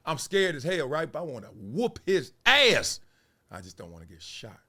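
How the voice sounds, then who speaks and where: With a slightly high voice at a moderate pace, this Los Angeles host spins a story in laid-back street slang. He's animated, performing the scenes and laughing as he goes.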